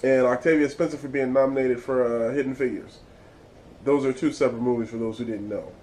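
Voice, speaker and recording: A man's voice: mid-range voice, steady tone, a little fast, a little mellow, a little hiss or hum, rough recording. A man hosting his own vlog, giving blunt, exasperated and profane commentary. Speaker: vlog host. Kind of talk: casual ranting commentary.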